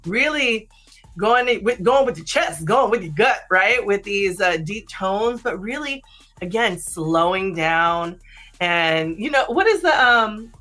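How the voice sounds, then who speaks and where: Bright-voiced woman hosting an advice stream. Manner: chatty, lots of fillers and "right?" tags; drops into a low slow voice to demonstrate. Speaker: host of a sex advice live stream. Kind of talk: casual live-stream advice talk. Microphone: streaming setup.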